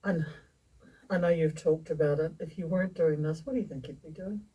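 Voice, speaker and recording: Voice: medium pitch, steady tone, brisk, mellow, husky, far from the mic, poor audio. A radio show host who asks questions in a casual interview and adds short encouraging interjections. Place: radio studio.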